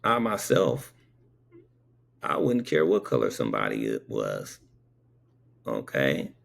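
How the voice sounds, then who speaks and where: A man employed as a paramedic relates a personal anecdote forcefully, punctuating it with rhetorical questions to the listener. His extremely low voice is very animated yet slow, creaky, and fairly bright in tone.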